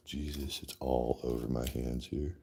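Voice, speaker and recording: A man's voice: a bass voice, level tone, unhurried, creaky, warm tone, husky. A man hosting a casual livestream, rambling, swearing freely and laughing often. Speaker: livestream host. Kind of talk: casual livestream chat while eating.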